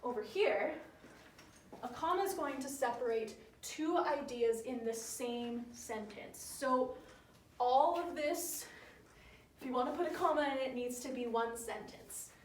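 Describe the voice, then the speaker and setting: A woman's voice: high voice, expressive, a little slow, roomy sound, recorded from a distance, slight background noise. A young woman teaching grammar in a casual, chatty way, often checking in with her listeners. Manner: chatty, keeps checking in with "right?".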